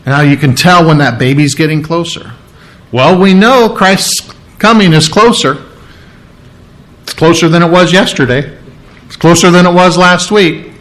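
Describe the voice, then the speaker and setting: Animated, joking male preacher. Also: on the high side, normal speed, pauses often. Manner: conversational, animated, asks the audience questions, jokes. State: sore ribs. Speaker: pastor. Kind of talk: sermon.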